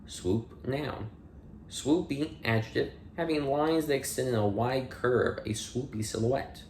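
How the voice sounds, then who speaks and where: Male reader, mid-pitched, dry and plain, reads dictionary entries in a reverberant room. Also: measured pace, darkish tone, slight background noise. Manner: plain reading with dry asides and playful slips. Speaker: audiobook reader. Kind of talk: reading dictionary entries aloud.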